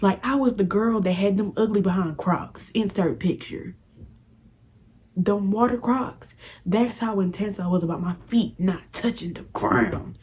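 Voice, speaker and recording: A young woman vlogger telling a casual, animated storytime with lots of slang. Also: medium pitch, unhurried, husky.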